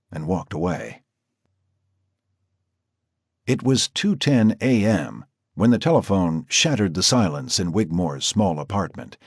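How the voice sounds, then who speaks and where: A man narrating a crime audiobook with an expressive, dramatic reading. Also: sits low, husky, dry recording, clean studio sound. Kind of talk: scripted narration.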